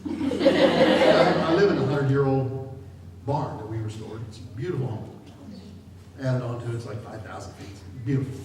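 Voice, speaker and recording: A man's voice: mid-range voice, moderate pace, long pauses. A middle-aged man giving a chatty, jokey seminar talk to a live audience, often laughing as he speaks. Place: large room with an audience. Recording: distant, echoey hall with noise.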